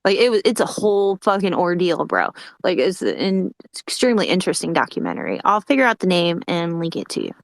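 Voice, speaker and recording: A woman's voice: lowish voice, sing-song, fairly quick, creaky, dry recording. Young woman chatting loosely, dry sound. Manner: loose, swears, says "like" and "bro". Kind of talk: casual chat.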